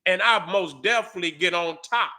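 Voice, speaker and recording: Fired-up man ranting, high and bright. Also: fairly quick. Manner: angry, profane, shouting at commenters. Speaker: YouTube commentator. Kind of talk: heated commentary to viewers.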